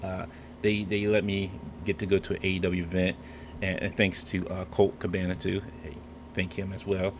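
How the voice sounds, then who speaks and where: A man hosting a podcast, talking in an excitable, effusive and jokey way. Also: low voice, normal speed, noisy background. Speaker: podcast host. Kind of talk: casual chat.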